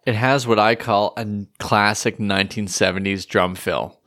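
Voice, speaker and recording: A man's voice: on the low side, fairly even intonation, moderate pace, sharp tone. Joking man co-hosting a podcast. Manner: joking, reads lyrics aloud. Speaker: podcast co-host. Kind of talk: casual chat about a song.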